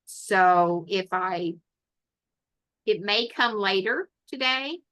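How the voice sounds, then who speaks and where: A woman's voice: medium pitch, drawn-out words, sharp tone. A woman explaining things in a casual online meeting, rambling with many fillers, heard over a video call. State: has the hiccups. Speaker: meeting leader.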